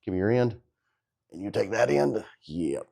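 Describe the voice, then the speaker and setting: A man's voice: fairly low pitch, big pitch swings, normal speed, gravelly, dark tone. Laid-back man filming a garage how-to. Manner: joking, laid-back, talks to viewers as guys. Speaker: DIY truck builder. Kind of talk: casual how-to vlog.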